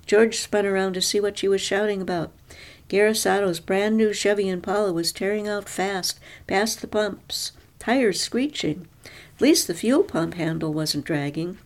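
A woman narrating a story in a measured, even storytelling manner. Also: medium pitch.

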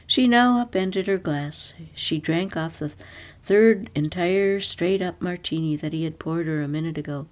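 A woman narrating a literary story aloud in a measured, even reading. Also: fairly low pitch. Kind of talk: audiobook reading.

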